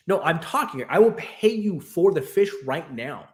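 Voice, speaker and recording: A young man casually recounting a frustrating shopping trip, animated and exasperated, acting out the dialogue as he goes. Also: on the high side, moderate pace, hardly any pauses. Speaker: fish keeper vlogger. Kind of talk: casual storytelling rant.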